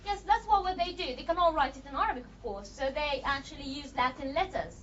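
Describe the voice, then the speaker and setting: Very high-pitched, lively woman teacher. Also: fairly quick, highs cut off, a little hiss or hum. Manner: explains step by step, checks understanding with frequent "okay?" questions. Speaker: language teacher. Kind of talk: classroom lecture.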